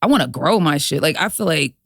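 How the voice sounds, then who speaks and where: Laid-back woman with a gravelly voice. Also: low voice, expressive, quick pace, fairly bright tone, dry recording, studio quality. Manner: laid-back, slangy, swearing, laughing often. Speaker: guest comedian. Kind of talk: casual chat.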